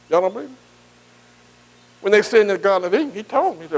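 Pastor, male, high voice, call-and-response preacher who quizzes his congregation from the pulpit. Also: big pitch swings, fast talker, pauses often, rough recording. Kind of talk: sermon. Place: church.

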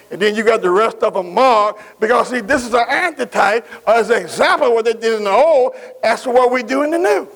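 High-voiced man preaching with emphatic amens. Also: fairly bright tone. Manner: emphatic, repeats phrases and calls amen to the congregation. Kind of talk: sermon.

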